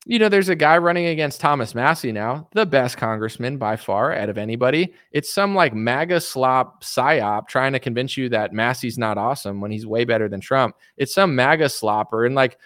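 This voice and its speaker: A man's voice: mid-range voice, lively intonation, moderate pace, hardly any pauses, fairly bright tone, no room sound, studio quality. A man hosting a livestream, ranting casually about politics in a boastful, combative, sarcastic way. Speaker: livestream host.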